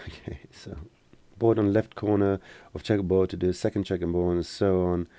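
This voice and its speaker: Give me a man with a deep voice and a dry close sound, casually fielding questions in a live tutorial stream. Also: steady tone, normal speed, warm tone, clean tone, dry recording. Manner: casual, joking, hesitant with many fillers. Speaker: software instructor.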